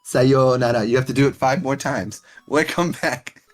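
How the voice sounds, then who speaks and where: A woman's voice: very deep voice, normal speed, soft background music. A woman streaming a game, chatting casually, teasing and coaxing her companion and often breaking into laughter. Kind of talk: casual live-stream chat while playing.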